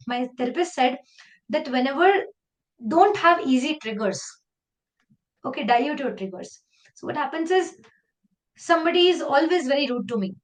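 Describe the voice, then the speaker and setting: A woman with an Indian English accent leading a live online training session, talking in a lively, conversational way and slipping into Hindi phrases. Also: high-pitched.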